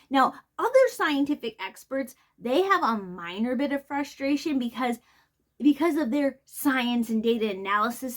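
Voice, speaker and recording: Blunt, chatty woman with a higher voice. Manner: blunt, opinionated, chatty with fillers. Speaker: trial recap commentator. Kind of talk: casual spoken commentary.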